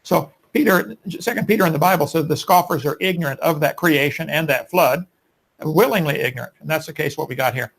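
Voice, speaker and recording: A man's voice: a little high, a little fast, gravelly, fairly bright tone. A man making emphatic, preachy arguments in a live debate.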